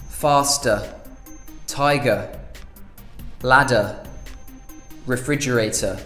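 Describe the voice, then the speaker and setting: A man with a British accent giving an online pronunciation lesson, repeating example phrases slowly for emphasis. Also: medium pitch, roomy sound. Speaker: language teacher.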